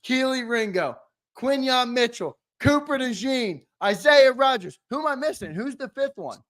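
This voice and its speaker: A man's voice: very high voice, animated, moderate pace, fairly bright tone. A man co-hosting a sports talk show, easygoing and hopeful, talking as a fan.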